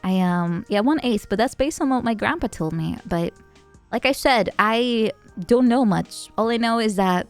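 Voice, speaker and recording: A young adult woman streamer chatting casually with viewers, rambling and halting, with a giggly manner. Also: on the high side, animated, smooth, soft background music. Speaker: VTuber streamer. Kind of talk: casual chat answering viewer messages.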